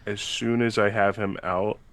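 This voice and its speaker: A man playing a tabletop game, throwing out dry remarks. His voice sits low. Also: fairly even intonation, a little slow, a bit bright. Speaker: player.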